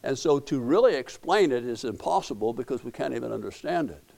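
A middle-aged man preaches a sermon, his voice carrying a gravelly edge. He speaks in a folksy, storytelling way, circling back with repeated words and restarts as he makes his points. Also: medium pitch, animated, brisk, a little mellow. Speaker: pastor.

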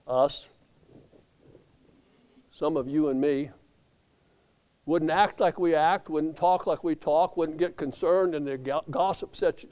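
A man preaching with a voice pitched on the high side. His sermon sinks into quiet, low passages and then climbs into loud, fervent peaks. He quotes scripture aloud, sometimes stumbling and correcting himself. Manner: swings from hushed low tones to raised impassioned climaxes. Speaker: pastor.

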